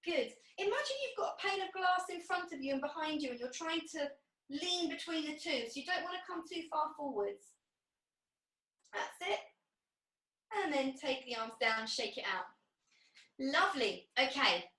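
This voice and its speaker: A woman's voice: sits high, lively intonation, normal speed, bright, forceful tone. A woman instructor guiding a pilates class, encouraging and cueing each breath and movement. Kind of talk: guided exercise class. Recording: echoey room, distant mic.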